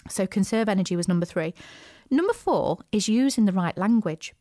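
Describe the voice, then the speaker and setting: A woman hosting a business podcast, chatty and animated, with frequent asides and restarts. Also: medium pitch, a little fast, dry recording, clean studio sound. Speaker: podcast host, business coach. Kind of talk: casual solo podcast talk.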